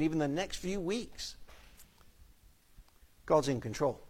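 A man preaching a sermon in an earnest, pleading way, often dropping to a soft, intense tone on key phrases. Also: high voice, animated, moderate pace.

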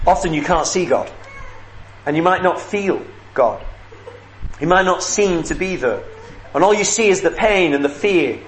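A man preaching a sermon and leading a prayer, earnest and emphatic, repeating key words as he pleads with listeners. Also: a little high. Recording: echoey room with faint background noise.

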